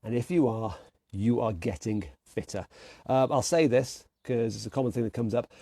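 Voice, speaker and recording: A man's voice: mid-range voice, normal speed, warm tone, dry recording. Encouraging male fitness coach. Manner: upbeat, encouraging, calls out moves and counts. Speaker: fitness instructor. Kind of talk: online workout class coaching.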